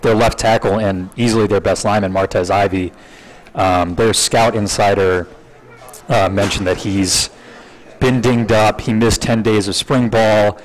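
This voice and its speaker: A man co-hosting a casual sports podcast, talking through football analysis in a measured, dry way with the odd joke. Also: on the low side, steady tone, low-quality recording. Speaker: podcast co-host. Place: live event space with audience.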